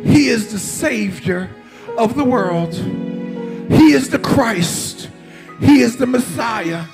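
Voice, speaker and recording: A fervent male preacher with a very high, gravelly voice, delivering a sermon that often swells into shouted exclamations. Faint music plays underneath him. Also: animated, takes it slowly, poor audio. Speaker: pastor.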